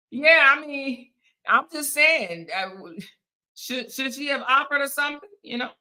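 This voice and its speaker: A woman hosts a casual online chat, reading viewer comments and answering them with playful teasing and frequent laughs. She speaks in a bright, sharp voice that sits a little high. Her delivery stays lively and conversational. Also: measured pace. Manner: animated, teasing, laughs often, playful asides.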